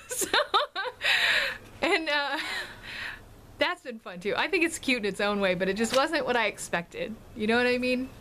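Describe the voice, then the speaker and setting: A woman in her thirties from the Washington DC area talks to her camera in an easy, rambling way and laughs often between stories. Her voice sits a little high and has a bright, sharp edge. A faint hiss of noise runs under her. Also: lively intonation, measured pace, pauses often. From Washington DC and Maryland area. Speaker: family vlogger. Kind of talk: casual chat to camera.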